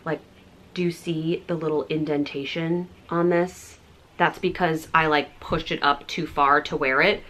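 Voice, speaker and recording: A woman in her thirties chatting breezily to camera as a beauty vlogger, full of "like" fillers and soft asides. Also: low voice, steady tone, measured pace. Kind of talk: casual chat showing products.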